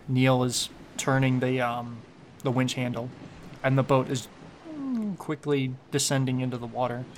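A man runs a tabletop game, describing scenes at an easy, relaxed pace and dropping fillers as he goes. His voice sits at a middle pitch. Faint background noise stays behind him. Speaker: game master.

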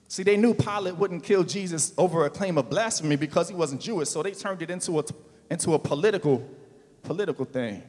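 A male pastor preaching a sermon in a casual, slangy way, building to loud, emphatic calls. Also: fairly high pitch, long reverb tail.

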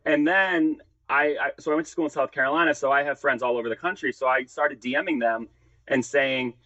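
A man chatting as a podcast guest, rambling through animated stories and slipping into the voices of people he quotes. His voice sits at an ordinary pitch. The sound is dry and a little dull, like a lo-fi recording. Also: a little fast, dry recording. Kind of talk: casual podcast storytelling.

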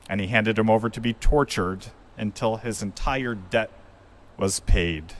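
A man preaching a sermon as pastor, retelling a parable in a measured, reflective way. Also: lowish voice. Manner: measured, reflective storytelling delivery.

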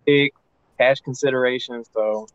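A man's voice: medium pitch, steady tone, a little slow, no echo. A man in a casual panel podcast chat, laid-back and joking, breaking things down. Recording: dull, dry mic sound.

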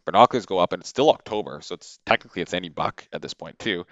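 A man from Canada, a podcast guest, telling a story in a casual, animated way with lots of fillers and repeated words, into a podcast microphone. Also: deep voice, racing, no room sound, highs cut off.

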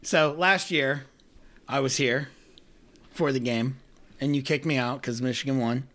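A man's voice: medium pitch, unhurried, fairly bright tone. A man hosting a casual podcast from a friend's house, joking and laughing often. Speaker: podcast host.

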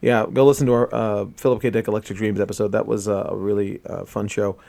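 A man hosting a casual podcast chat in a relaxed, hesitant way, with many ums. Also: lowish voice, quick pace, vocal fry. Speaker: podcast host.

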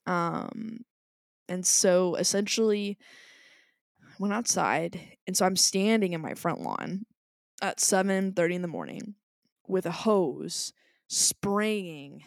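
A woman's voice: lowish voice, takes it slowly, creaky, dry recording, clean studio sound. A woman in her twenties co-hosting a podcast, telling a story in casual chat and acting out what people said. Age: 20s. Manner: animated storyteller acting out quotes. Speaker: podcast co-host.

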